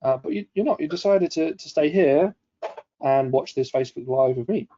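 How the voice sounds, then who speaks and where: A man's voice: on the high side, normal speed, mellow, muffled recording. A man hosting a live online coaching session, upbeat and chatty, reading out viewers' comments as he goes. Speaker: webinar host.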